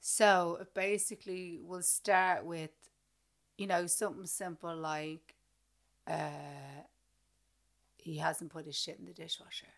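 Brief: woman co-host, animated and sweary, storytelling. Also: on the low side, slow, creaky, long pauses. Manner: animated, swears freely, acts out quoted exchanges. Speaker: podcast co-host. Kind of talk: casual chat.

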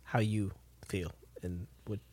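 A podcast co-host in a casual recap chat, reflective, often trailing off and dropping quiet. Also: low voice, fairly even intonation, slow, husky, no echo.

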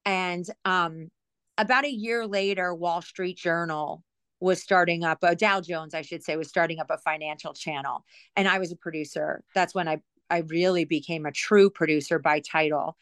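A middle-aged woman who used to be a TV producer tells rambling, self-mocking stories as a guest in a casual podcast interview, chatty and full of asides and fillers. Her voice is fairly low and steady, fairly bright and clean, at a moderate pace with no echo.

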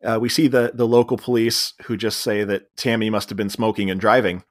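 A man's voice: on the low side, level tone. Man casually recapping a movie. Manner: recounts plot, acting out lines in quick voices. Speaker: podcast co-host.

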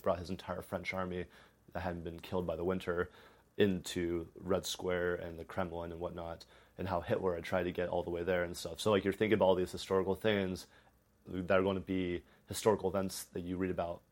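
A young man from Ohio, an interview guest, talking casually with lots of fillers and laughter. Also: deep voice. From Columbus, Ohio. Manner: rambling, laughs often, many fillers.

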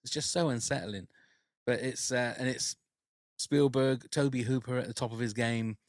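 A man's voice: mid-range voice, fairly even intonation, moderate pace, no echo, clean studio sound. Enthusiastic man hosting a podcast. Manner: enthusiastic, full of fillers and restarts. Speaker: podcast host. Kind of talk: casual podcast chat.

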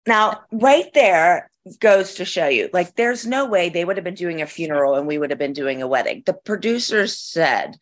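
A woman co-hosting a podcast in casual chat, asking questions and adding quick agreeing asides. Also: on the low side, lively intonation. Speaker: podcast co-host.

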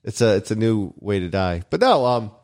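A man's voice: lowish voice, big pitch swings, moderate pace, darkish tone. A man in casual comedic chat as a podcast co-host, rambling and joking through his stories. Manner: joking, rambling storyteller who laughs often.

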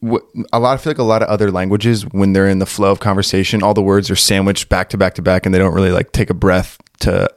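Deep-voiced young man, dry close sound. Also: little pitch movement, fast, hardly any pauses, no room sound. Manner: thoughtful, searching for words. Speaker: podcast co-host. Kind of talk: casual chat.

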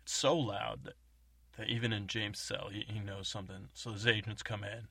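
A man's voice: fairly low pitch, flat delivery, moderate pace, creaky, a bit bright, dry recording. A man hosting a comedy podcast, telling an improvised story in a rambling way. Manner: rambling, many fillers and restarts. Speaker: podcast host.

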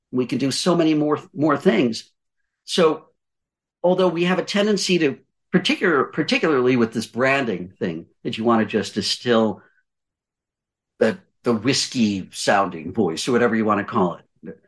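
A man's voice: mid-range voice, normal speed. An older man giving voice-over advice in a podcast conversation, emphatic, repeating his points and asking rhetorical questions. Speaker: guest voice-over coach.

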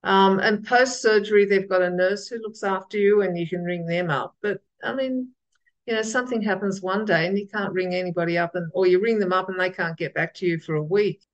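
A woman with a gravelly voice, chatting casually as a podcast guest and often restarting her sentences. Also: medium pitch, a little fast, muffled recording. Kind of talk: casual interview chat.

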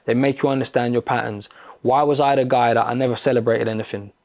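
Podcast guest, London man, middle-aged, gravelly tone, blunt storyteller. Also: medium pitch, flat delivery, quick pace, a little mellow. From England. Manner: blunt, swears often, tells stories with quoted dialogue. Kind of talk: casual chat.

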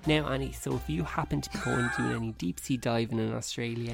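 A man's voice: medium pitch, steady tone, brisk, vocal fry, music in the background. A man co-hosting a casual podcast, reading news aloud and breaking off into jokey asides. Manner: reads aloud with asides and laughter. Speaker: podcast co-host.

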